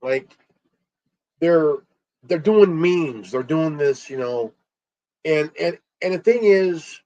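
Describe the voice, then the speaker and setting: A man ranting alone on his stream, angry, stumbling and repeating words, swearing and filling pauses with ums. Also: a little high, animated, warm tone. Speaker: stream host. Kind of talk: angry solo rant. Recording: dull lo-fi stream audio.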